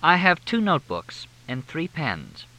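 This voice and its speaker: A man voicing a sharp, teasing female news reporter, with dry, quick, playful banter. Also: fairly high pitch, huge pitch swings, pitched above the performer's own voice, exaggerated voice, rough recording.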